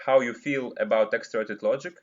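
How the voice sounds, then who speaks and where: A man's voice: mid-range voice, steady tone, fairly quick, over a noisy crowd. A man hosting a casual group video call, talking hesitantly with many fillers, his voice distorted like a monster voice changer. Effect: distorted, monster-like voice changer sound. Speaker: host of an online discussion hangout. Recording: dull, faintly noisy call audio.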